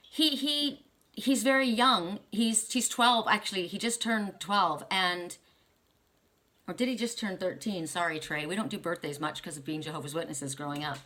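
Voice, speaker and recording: An older woman talks casually about family while reading oracle cards. Her voice sits slightly low but sounds bright and forward. She rambles, restarts her sentences, and lets emotion show. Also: normal speed. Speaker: oracle card reader. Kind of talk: casual spiritual talk.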